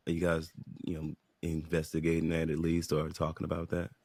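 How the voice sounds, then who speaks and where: Deep gravelly husky man. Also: completely flat delivery, a little mellow, no echo. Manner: easygoing questioner, drawn-out fillers. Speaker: podcast co-host. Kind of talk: casual podcast chat.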